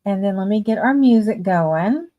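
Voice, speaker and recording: A woman's voice: mid-range voice, lively intonation, moderate pace, mellow, highs cut off. A woman hosting a writing livestream, chatting casually and greeting viewers fondly by name. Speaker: livestream host of writing sprints.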